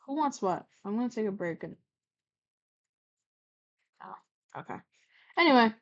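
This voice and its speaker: A woman's voice: on the high side, animated, measured pace, a bit bright. Stuttering woman reading aloud. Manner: self-correcting, cringing asides. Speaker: reader of old fan fiction. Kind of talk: casual read-aloud commentary. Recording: muffled lo-fi recording.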